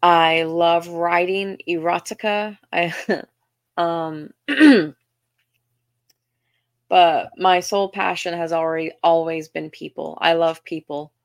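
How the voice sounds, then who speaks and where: Chatty Southern woman with a gravelly edge. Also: lowish voice, steady tone, takes it slowly, pauses often, no echo, clean studio sound. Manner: chatty, self-deprecating, frequent restarts and ums. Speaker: podcast host. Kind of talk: casual storytelling monologue.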